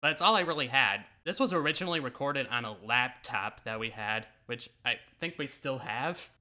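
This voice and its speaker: Man, YouTuber, casual reaction chat, self-mocking, laughing, swearing, very bright tone. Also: medium pitch, expressive, normal speed.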